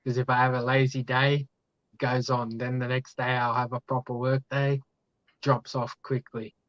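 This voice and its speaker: A man's voice: medium pitch, little pitch movement, normal speed, a bit bright, no echo, dull audio. A man in casual chat, mostly giving short agreeing replies.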